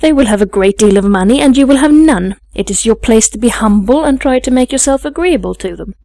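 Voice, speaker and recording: Storybook lady's maid, self-righteous and sharp, loud voice, dry sound, woman doing it. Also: a little high, animated, brisk, no room sound. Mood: contemptuous. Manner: sharp, pious and contemptuous.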